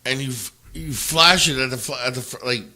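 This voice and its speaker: A man's voice: mid-range voice, brisk, sharp tone. A man in a casual podcast chat, blunt and profane, often stumbling and restarting his words. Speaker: podcast co-host.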